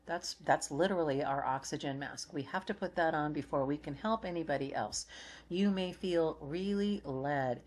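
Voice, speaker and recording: A woman's voice: low voice, normal speed, a little mellow. A middle-aged woman giving a spiritual oracle card reading in a soothing, reflective way, often repeating her phrases.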